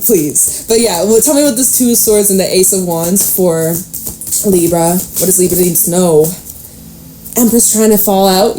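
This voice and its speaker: A woman's voice: mid-range voice, warm tone. A woman giving a casual tarot reading, chatty and blunt, with a playful and sometimes profane way of talking. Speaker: tarot reader.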